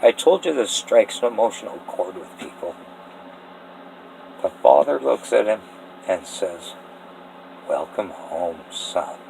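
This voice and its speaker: A man from Eastern Washington pitching a story idea in a rambling, earnest, often emotional way, laughing between thoughts. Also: expressive, unhurried, creaky, long pauses, mellow, a little hiss or hum, low-quality recording. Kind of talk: casual spoken story pitch.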